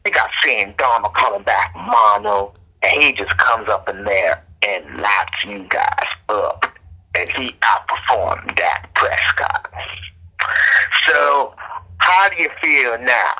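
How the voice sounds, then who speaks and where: A man's voice: fairly low pitch, animated, slow, pushed and bright, slightly rough, poor audio. A man co-hosting a sports podcast, teasing and bragging in casual banter, often stammering as he restarts. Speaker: podcast co-host.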